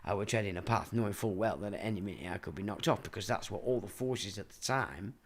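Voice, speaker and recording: A man's voice: fairly low pitch, quick pace, a little hiss or hum. A middle-aged man, hosting a livestream and ranting in a blunt, profane, rambling monologue. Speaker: livestream host.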